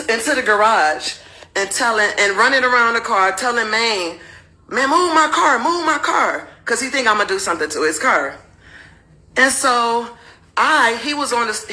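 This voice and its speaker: Woman, candid storyteller, animated, bright tone. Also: a little high, normal speed, poor audio. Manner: animated, acts out quotes in raised voice. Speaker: host telling her own story.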